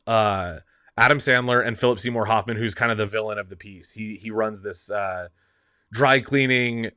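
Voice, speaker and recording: Bright-voiced rambling male host. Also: medium pitch, no room sound, studio quality. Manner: rambling, laughs a lot. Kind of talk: casual movie talk.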